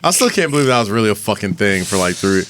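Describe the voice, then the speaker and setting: Male comedy podcast co-host, highly expressive intonation, laughs and swears through casual banter. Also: quick pace, background noise. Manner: animated, laughs often, swears freely.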